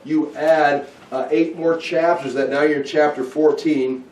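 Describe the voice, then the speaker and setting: A man's voice: a little high, fairly even intonation, a little slow, darkish tone. A man giving an informal, conversational Bible teaching, walking listeners through the verses. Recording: roomy echo, mic at a distance.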